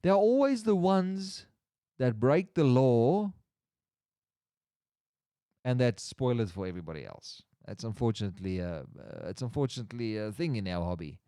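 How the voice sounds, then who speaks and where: A man's voice: mid-range voice, sing-song, normal speed, dark tone, clear, resonant tone, dry recording, clean studio sound. A man hosting a casual livestream chat, rambling and restarting his sentences as he reads the chat aloud. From Australia. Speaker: livestream host.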